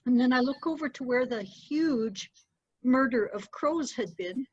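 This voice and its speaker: A middle-aged woman, a storyteller, recounting a personal story with animated delivery. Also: high-pitched, a little slow, slightly rough, no echo. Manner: animated, lively retelling with acted-out quotes. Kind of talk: personal storytelling to a small group. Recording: dull, muffled dry recording.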